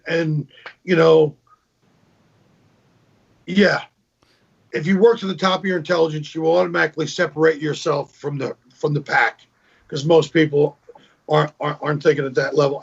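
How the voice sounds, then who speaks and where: A guest comedian with a higher, husky voice tells stories in a casual video call interview, acting out joke voices and repeating words. The call audio is dull, muffled, and lo-fi.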